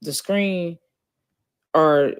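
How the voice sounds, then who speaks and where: A woman's voice: sits low, very slow, smooth. A woman streamer giving casual, mocking commentary over a played clip, talking straight to her viewers.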